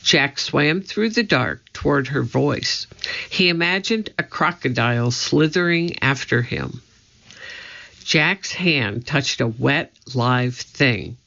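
Slow, gravelly storybook narrator. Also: medium pitch, lively intonation, pushed and bright, muffled recording. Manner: measured, deliberate reading. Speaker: audiobook narrator.

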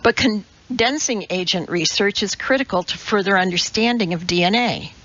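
A woman's voice: mid-range voice, fairly bright tone, dull audio, lightly acted. A woman reading an audiobook, voicing a flustered, embarrassed male scientist who is ill and talks weakly. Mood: sheepish. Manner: weak, embarrassed, halting.

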